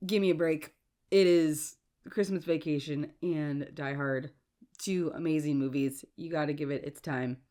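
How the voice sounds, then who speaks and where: A woman's voice: deep voice, steady tone, a little slow, mellow. Sick lady hosting a podcast, sore throat, kinda stumbly and chatty, keeps apologizing. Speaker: podcast host. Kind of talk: casual solo podcast talk.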